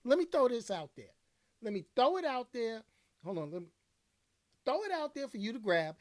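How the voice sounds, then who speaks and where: A man's voice: extremely high pitch, sing-song, moderate pace. A man in his thirties hosting a casual livestream talk show alone, rambling in slangy speech with plenty of filler phrases.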